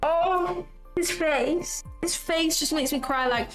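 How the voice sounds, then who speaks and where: Her voice is very high and slow as this young woman hosts a casual trading livestream. Reading out viewer comments with faint music behind her, she gushes chattily and drops in plenty of "like" and "um."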